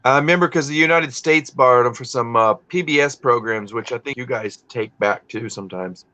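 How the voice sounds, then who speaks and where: A man's voice: medium pitch, brisk, sharp tone. A man hosting a live stream, chatting casually and rambling, often breaking off mid-sentence and swearing freely. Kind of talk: casual chat while working. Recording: dull lo-fi stream audio.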